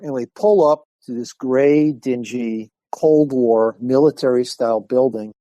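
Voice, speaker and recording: Older male guest, martial arts teacher, animated casual storyteller, mellow voice. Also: medium pitch, a little slow, dry recording, lo-fi sound. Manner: animated anecdote-telling, acts out dialogue.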